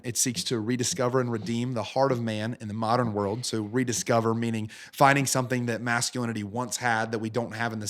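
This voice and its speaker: A man co-hosting a podcast, chatting casually and setting out the show's aim. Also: medium pitch. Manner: relaxed, explains the show's aim. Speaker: podcast co-host.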